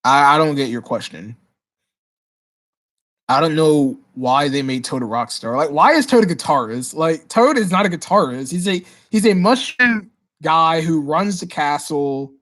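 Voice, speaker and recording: A man hosting a casual livestream Q&A, reading chat questions aloud and answering in an excitable way, often repeating words as he restarts his sentences. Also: fairly high pitch, a little slow. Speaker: livestream host.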